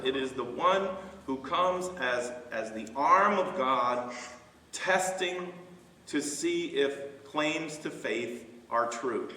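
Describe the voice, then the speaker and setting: Male pastor, slow and halting, bright tone, mic set far off in a reverberant church. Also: medium pitch. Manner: halting, many fillers and restarts. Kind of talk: Bible study discussion. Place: church sanctuary.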